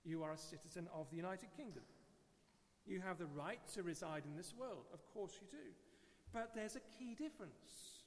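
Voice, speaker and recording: English preacher, high voice, church reverb. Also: male voice, animated, moderate pace, slight background noise. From England. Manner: conversational, digressive, repeats words. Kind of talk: sermon.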